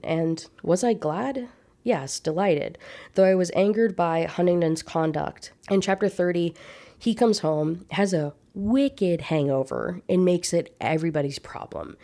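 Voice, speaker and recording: A young woman vlogger chattily recapping a classic novel, with lots of casual fillers. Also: on the low side. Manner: chatty, animated, many "like" fillers. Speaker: book review vlogger.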